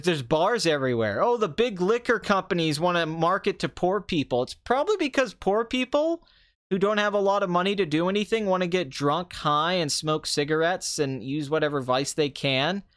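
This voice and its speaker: Host type, young man, sarcastic ranter, a bit high-pitched, casual commentary. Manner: sarcastic, ranting, animated with mocking asides. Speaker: movie review podcast host.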